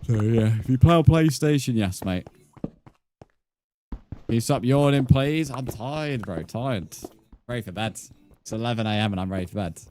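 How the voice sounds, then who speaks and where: A man's voice: medium pitch, normal speed, pauses often, a little mellow, a little hiss or hum. A young man streaming a game, bantering and joking with his chat and laughing often. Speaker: gaming streamer. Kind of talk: live-stream chat while playing.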